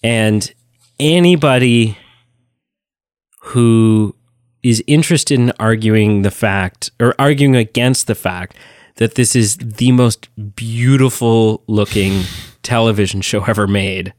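A man's voice: on the low side, slow pace, dry recording, studio quality. A man co-hosting a podcast, talking enthusiastically and emphatically in a casual review chat. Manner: enthusiastic, emphatic, animated retelling. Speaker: podcast co-host.

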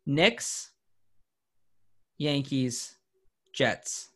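Young guy on a sports podcast, rambly, teasing his buddies, normal pitch. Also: very animated, pushed and bright. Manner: teasing, rambling, quick jokes at his co-hosts. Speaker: podcast co-host. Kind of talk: casual sports chat.

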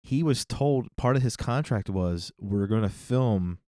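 Man, low voice, dark tone, rambling casual podcast chat, dry close sound. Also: lively intonation, a little slow, no room sound. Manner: rambling, self-correcting, laughs often. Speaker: podcast co-host.

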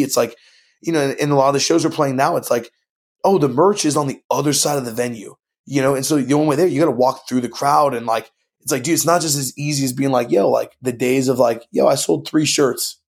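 In a creaky, mid-range voice and a fairly quick pace, this young band singer from California chats casually as a podcast guest. His speech is relaxed and full of slang like "dude" and "like."

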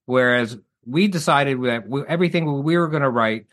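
A man's voice: medium pitch, normal speed, fairly bright tone. Hesitant man guest. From United States. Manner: hesitant, many restarts and fillers. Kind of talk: casual conversational interview.

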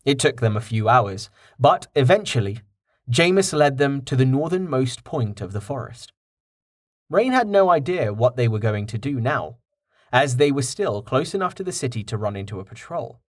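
Casting: animated male storyteller, mid pitch, dry close studio mic. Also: moderate pace, no echo. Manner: expressive storytelling. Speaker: audiobook narrator. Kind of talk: scripted fantasy narration.

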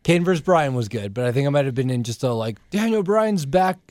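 A man's voice: medium pitch, expressive, fast talker, darkish tone, no echo, studio quality. A young man in casual chat, rambling through his opinions with lots of fillers. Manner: rambling, lots of likes and restarts. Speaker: podcast co-host.

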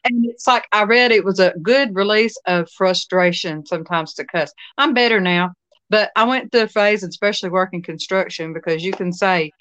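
A woman's voice: mid-range voice, moderate pace, a bit bright, no echo, highs cut off. A woman guesting on a podcast, chatting casually and laughing easily. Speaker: guest, healer and medium. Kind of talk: casual conversation.

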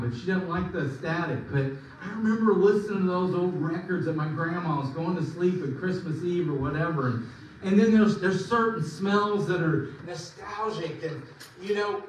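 A man preaching a sermon as pastor, emphatic, swinging between loud and soft. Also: a little hiss or hum. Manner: emphatic preaching with sudden swings in pitch and volume. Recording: echoey room, mic at a distance.

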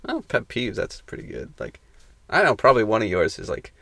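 A young man with a low, gravelly voice that rises and falls sharply, talking in a relaxed way and dropping crude jokes. The sound is dry and close to the mic. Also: fairly quick. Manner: laid-back, crude humor. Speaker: podcast co-host. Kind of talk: casual chat.

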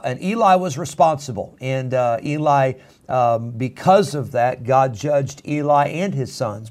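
A pastor delivering a sermon, his voice sitting a little high for a man. He preaches in an earnest, steady way and often pauses on filler sounds.

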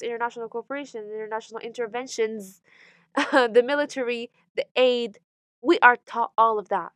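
A young woman from Morocco, speaking candidly in an interview, animated and sardonic, laughing often as she talks. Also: fairly high pitch, dry recording.

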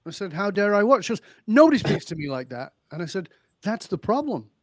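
Animated man telling client stories. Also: high voice, fairly quick, no room sound, clean studio sound. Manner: animated, acts out quoted dialogue. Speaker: leadership consultant. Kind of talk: podcast interview storytelling.

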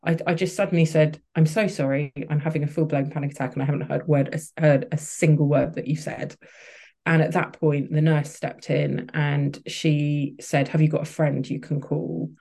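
A woman's voice: deep voice, flat delivery, normal speed, gravelly, mellow. A woman, a podcast guest, telling a personal story candidly, with frequent restarts and fillers. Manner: open, emotional, many restarts and fillers.

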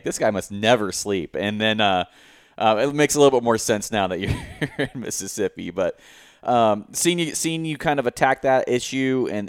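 A man hosting a podcast, rambling and halting with many restarts. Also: on the low side, clean tone, dry recording, studio quality. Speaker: podcast host. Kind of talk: casual podcast conversation.

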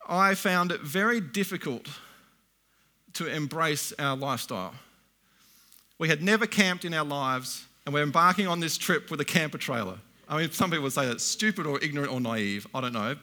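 Man, middle-aged, sermon, bright tone, slightly high pitch, slow scripture reading, casual asides. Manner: reads scripture slowly and deliberately, then explains in plain conversational asides. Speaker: preacher.

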